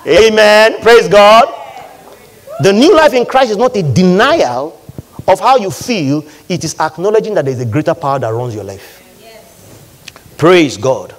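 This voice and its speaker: A man preaching a sermon in an animated call-and-response manner, leading the congregation in repeating his words. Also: high voice, a little slow.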